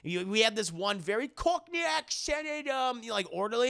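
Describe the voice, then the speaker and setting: A man giving a rambling, profane, animated spoken film recap as a streamer. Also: extremely high pitch, normal speed, gravelly, few pauses, clear, resonant tone. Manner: rambling, profane, animated, many fillers and restarts.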